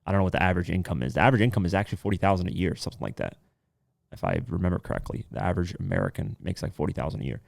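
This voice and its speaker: A man's voice: sits low, expressive, very fast, gravelly, no echo, studio quality. A man hosting a podcast, reading news items aloud and then riffing on them in a loose, casual commentary style with offhand asides and swearing. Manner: reads headlines then riffs with loose asides. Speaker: podcast host.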